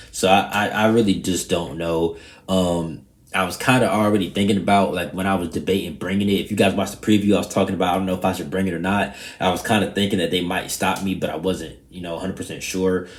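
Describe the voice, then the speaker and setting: A young man, casually vlogging in a loose, rambling, profane way that turns animated when he retells a story. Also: low voice, roomy sound. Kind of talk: casual vlog chat.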